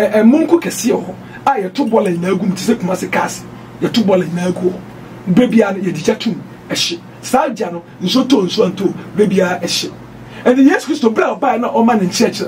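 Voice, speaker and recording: A man with a Ghanaian accent preaching on doctrine, emphatic, mixing Twi and English and at times shouting. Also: extremely high pitch, animated, moderate pace, distant mic, a little hiss or hum.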